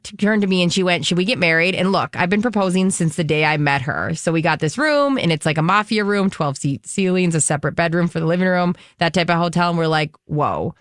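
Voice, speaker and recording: A woman co-hosting an entertainment radio show, chatting casually and quoting celebrities in lively bursts. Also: on the low side, a little fast, few pauses, dry recording, studio quality.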